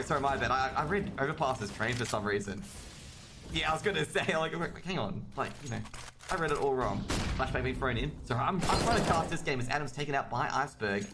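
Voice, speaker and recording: Big plays set this solo esports caster off as he talks quickly through a live match, bantering with his chat in an Australian accent. His pitch is medium, and the background is noisy.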